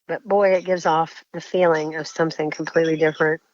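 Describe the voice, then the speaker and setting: A woman caller telling a frightening encounter story in a shaken, halting way, often breaking off and restarting sentences. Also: sits low, steady tone, dry recording, muffled recording. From Indiana.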